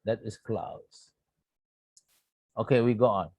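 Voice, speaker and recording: A man with an Indonesian accent teaching English grammar in an online lecture. He talks slowly and repeats points, checking in with a frequent "yeah". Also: fairly low pitch, steady tone, a little mellow, no echo.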